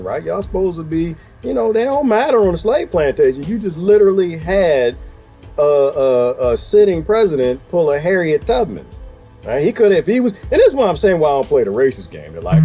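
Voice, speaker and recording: A man riffs in casual reaction commentary with a fairly high but dark, mellow voice. He talks emphatically and colloquially, swinging his voice around and firing rhetorical questions. Faint music sits behind him. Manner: colloquial, laughs while talking. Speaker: vlogger commenting on a clip.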